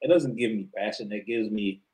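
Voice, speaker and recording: A man's voice: fairly low pitch, brisk, warm tone, rough recording. A man co-hosting a sports podcast, talking in a casual, emphatic and profane way as he argues his opinion. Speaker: podcast co-host.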